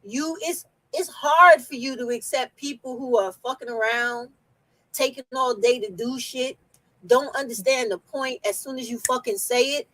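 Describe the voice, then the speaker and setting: A woman's voice: sits high, moderate pace, fairly bright tone, poor audio. A woman with a New York accent hosting a casual chat, blunt and outspoken, swearing freely. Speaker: host.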